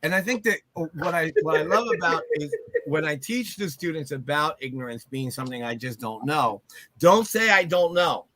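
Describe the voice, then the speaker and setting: A man's voice: on the high side, lively intonation, normal speed, pushed and bright. A man who works as a teacher, talking emphatically in a casual chat and agreeing often.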